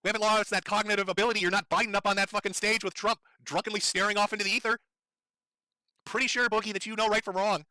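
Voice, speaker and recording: This live streamer is a man in a fast, furious, profane, sarcastic rant, his high, cutting voice lurching up and down in pitch while his throat strains from shouting. Despite that, the tone is described as level. The sound is close and dry.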